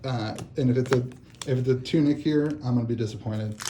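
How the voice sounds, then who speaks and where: A man hosting a card-opening vlog at his kitchen table, excitable and laughing as he talks. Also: mid-range voice, fast talker, noisy background. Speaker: card channel host. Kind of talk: casual box-opening vlog.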